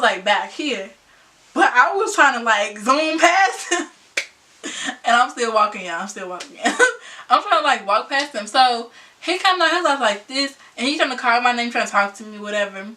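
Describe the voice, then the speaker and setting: Young woman vlogger, high-pitched and bright, animated slangy storyteller, mic a bit distant. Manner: animated, laughing often, slangy and conversational. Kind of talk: casual storytime.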